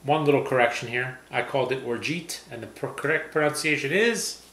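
A man's voice: mid-range voice, brisk. A man co-hosting a cocktail tasting show, joking and chatting casually over drinks. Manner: joking, relaxed banter. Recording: roomy with faint background noise.

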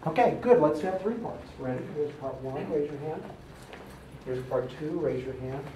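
A man teaching a music class, brisk and upbeat as he directs the students. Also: a little high, recorded from a distance, muffled recording, background noise. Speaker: music education professor. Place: large echoey classroom. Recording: roomy classroom audio from afar.

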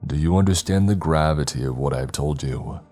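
A grave old priest with a very deep voice, measured and solemn, speaking in old-fashioned phrasing, as a man narrating a horror story puts him on. Faint music plays behind him. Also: a little mellow. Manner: slow, solemn, archaic speech. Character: old male mystic priest, calm and grave.

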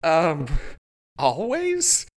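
A man's voice: on the high side, wildly swooping pitch, very slow, pitched above the performer's own voice, full character voice. A man voicing a flustered young man who stammers through an interrogation in an audiobook. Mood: confused. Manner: stammering, confused.

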